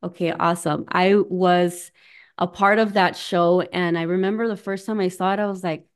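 A young woman hosts a friendly webinar over a video call, chatty and open, dropping in bits of Spanish as she talks. Her voice sits a little low and comes through smooth and clear. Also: steady tone, moderate pace. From United States, Mexican family. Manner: warm, chatty, mixes in Spanish phrases. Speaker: coach and workshop host. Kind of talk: conversational webinar talk.

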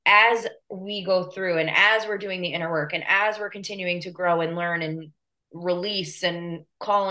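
Woman podcast host, lower pitch; reflective, chatty, checks in with her guest. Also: sharp tone. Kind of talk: casual conversation.

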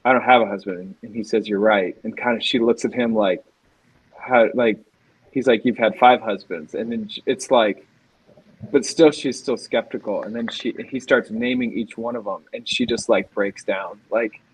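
A man's voice: fairly low pitch, fairly even intonation, moderate pace, husky, rough recording. A man co-hosting a faith podcast, retelling a scene at length in a rambling, emotional way. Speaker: podcast co-host. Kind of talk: casual faith chat.

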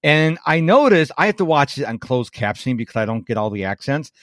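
Male podcast host, mid-pitched, animated delivery, dry close mic. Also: fairly quick, no room sound. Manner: animated, jokey and earnest. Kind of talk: casual interview chat.

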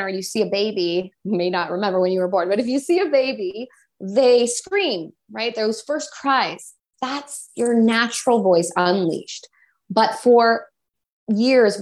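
Woman voice coach talking it through, slips into little put-on voices to show stuff. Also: mid-range voice. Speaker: voice coach, co-host. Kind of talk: casual live chat.

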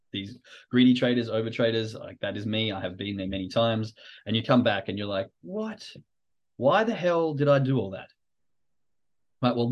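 A man's voice: fairly low pitch, highs cut off. Loose-talking man hosting a podcast. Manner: conversational, loose, with restarts and asides. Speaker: podcast host. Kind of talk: casual educational podcast talk.

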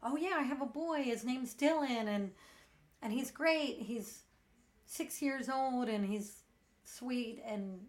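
A middle-aged woman with a voice pitched a little above most women's, hosting a meditation podcast. She tells her own story candidly, earnest and frank, and she does not soften her words. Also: takes it slowly. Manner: frank and earnest, blunt word choice.

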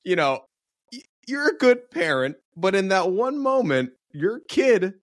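A man's voice: high voice, big pitch swings, unhurried, dry recording, clean studio sound. A man hosting a podcast in casual chat, laughing often and rambling with restarts. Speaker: podcast host.

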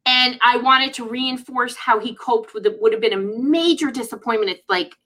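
Middle-aged woman, fairly high and bright voice, expressive guest in a casual talk. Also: normal speed, poor audio. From United States. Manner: lively, expressive, often adds "right?" and "you know". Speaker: guest speaker on parenting and mental health. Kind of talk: animated casual conversation.

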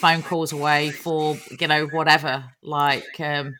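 A man co-hosts a relaxed interview with a bright, sharp voice. He is enthusiastic and rambles a little before he gets to his point. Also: on the high side, a little slow, slight background noise. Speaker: co-host. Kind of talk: casual interview chat.

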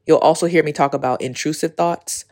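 A woman's voice: low-pitched, steady tone, fairly quick, darkish tone. A woman in her thirties hosting her own podcast, talking candidly and rambling with many fillers, recorded on a phone outdoors. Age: 30s. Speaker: podcast host. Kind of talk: casual spoken intro and monologue. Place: outdoors on a walk or in a park.

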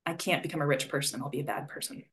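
A woman's voice: deep voice, racing. A woman coaching a conversation about money beliefs, speaking reflectively and prompting with questions between fillers. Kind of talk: guided conversation.

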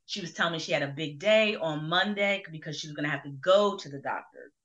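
A middle-aged woman from Burlington, New Jersey, appears as a guest sharing her faith testimony in conversation, earnest and reflective with many fillers. Her low voice is fairly bright and fast, and the recording has a dull lo-fi sound.

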